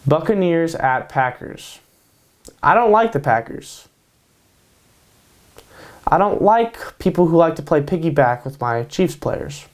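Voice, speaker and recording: A man's voice: fairly high pitch, expressive, slow, pauses often. A man hosting his own show, giving casual sports predictions in a hyped way, repeating his picks and tacking "baby" onto them. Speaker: host. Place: home in Kansas.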